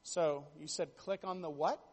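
A man's voice: a little high, steady tone, a little slow, a little mellow, big-room sound, a little hiss or hum. A man preaching a sermon, telling stories with jokey asides and building to emphatic bursts. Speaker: pastor.

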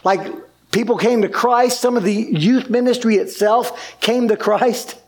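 A man preaching a sermon, telling a story with lively delivery and acting out quoted lines. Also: extremely high pitch, a little slow. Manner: animated, acts out quoted speech. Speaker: pastor.

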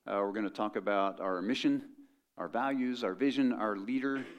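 Low-voiced joking male pastor. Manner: conversational, joking with the congregation. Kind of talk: sermon.

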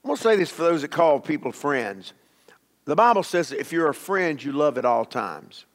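A man preaches a sermon in a church, his voice sitting high for a man. He drives his points home by repeating key phrases with emphasis. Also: very animated, moderate pace. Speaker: pastor.

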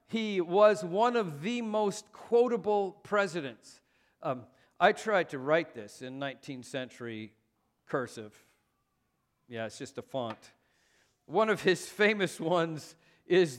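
A man preaching a sermon as pastor, conversational and self-deprecating, with frequent fillers. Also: a little high.

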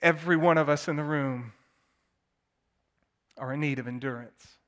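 A man preaching a sermon, swinging from hushed tones to loud, emphatic declamation. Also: on the high side, moderate pace. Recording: long hall reverb.

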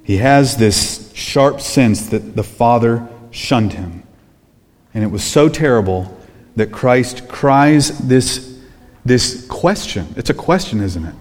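Male pastor, mid-range voice, emphatic sermon delivery with hushed lows and loud peaks; long hall reverb. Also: expressive, normal speed. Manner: emphatic, swings from hushed low phrases to loud raised ones.

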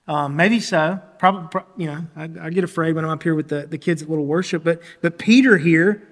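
Speaking fairly quickly in a voice on the high side, a man delivers an earnest sermon as a pastor in a large hall. Now and then he clears his throat, and he frequently restarts or repeats phrases.

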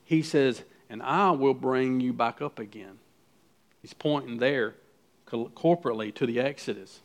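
A man's voice: medium pitch, moderate pace. A man preaching a sermon as pastor, earnest and building to emphatic peaks, with frequent restarts.

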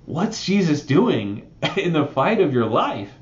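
A man's voice: on the high side, slow, roomy sound, dull audio. A man preaching a sermon, talking conversationally and often adding "right?" as he explains a Bible passage. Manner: conversational, animated preaching with frequent "right?" asides. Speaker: pastor.

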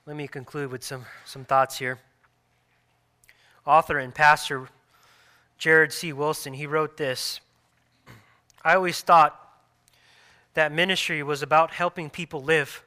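A man in his thirties, a pastor preaching a sermon earnestly, repeating phrases and restarting softly. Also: a little high, fairly even intonation, unhurried, pauses often.

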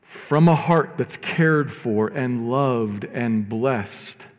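A man preaching a sermon as pastor, earnest, rising to emphatic lines and dropping to soft, slow ones. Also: mid-range voice, long reverb tail.

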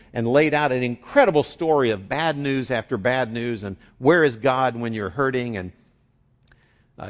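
A middle-aged male pastor preaching a conversational sermon, shifting from quiet reflection to fervent emphasis. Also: medium pitch, muffled recording.

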